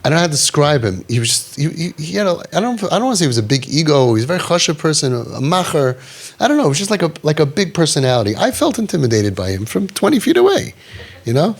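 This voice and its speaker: A middle-aged man counseling parents in a group talk, animated and acting out quotes, sprinkling in Yiddish and Hebrew words. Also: fairly high pitch, fast talker, slightly rough.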